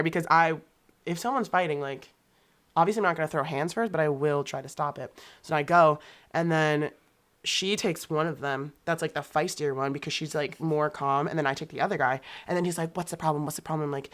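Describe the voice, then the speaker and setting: A young woman telling a story in casual podcast chat, animated, swearing freely and acting out what people said. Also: sits low, fairly quick. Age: young adult. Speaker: podcast guest.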